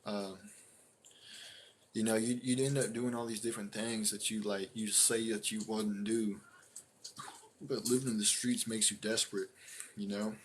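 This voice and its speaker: A man's voice: lowish voice, level tone, normal speed, long pauses, slight background noise. A man casually telling a story to his live stream audience, rambling with lots of fillers and acting out other people's reactions.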